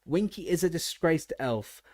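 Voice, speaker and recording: A man voicing a tiny, proud female house elf who speaks of herself by name with squeaky indignation. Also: expressive, measured pace. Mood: indignant. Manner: indignant, third-person speech.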